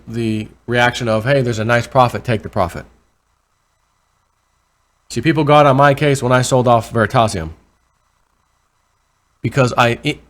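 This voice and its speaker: Rambling man talking crypto charts. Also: mid-range voice. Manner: rambling, self-correcting, excited bursts over numbers. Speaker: crypto vlogger. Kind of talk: casual commentary over charts.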